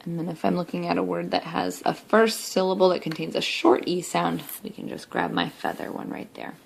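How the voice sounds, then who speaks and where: A young woman teacher talking through a recorded spelling lesson, saying words slowly and clearly one at a time. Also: lowish voice, fairly even intonation, a little hiss or hum. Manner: slow, clear word-by-word demonstration.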